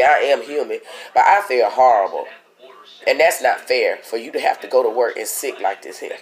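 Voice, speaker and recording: A woman's voice: extremely low pitch, normal speed. A woman, sick with a cold and short of breath, chatting and complaining to her viewers in a casual video diary. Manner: complaining, talkative, addresses viewers as y'all. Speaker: vlogger.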